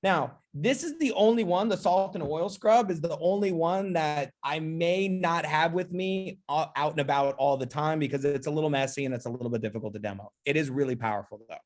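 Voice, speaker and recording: A man giving a casual, upbeat sales training demonstration, chatty and playful, often checking in with his listeners. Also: fairly high pitch. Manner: chatty, keeps asking "okay?" and "right?".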